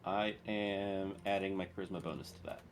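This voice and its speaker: Halting male tabletop player. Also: deep voice, little pitch movement, faint music behind. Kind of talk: casual tabletop game chat.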